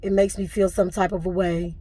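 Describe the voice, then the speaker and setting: A woman's voice: fairly low pitch, little pitch movement, fairly quick, warm tone, breathy edge, no echo. A middle-aged woman, venting to camera with emotion and fighting back tears. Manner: tearful, fighting back crying. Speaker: vlogger.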